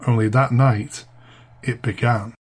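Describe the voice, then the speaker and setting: A man's voice: medium pitch, fairly even intonation, measured pace, husky. A man hosting a podcast, narrating a spooky childhood tale with a chatty, dryly amused manner. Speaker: podcast host and storyteller.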